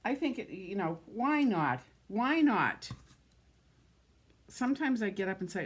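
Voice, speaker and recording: A woman's voice: medium pitch, very animated, moderate pace, a little hiss or hum. Chatty Massachusetts woman hosting a crafting stream. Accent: Boston-area Massachusetts. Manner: chatty, greets viewers by name, thinks aloud while working. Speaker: card-making livestream host. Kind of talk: casual live crafting demo.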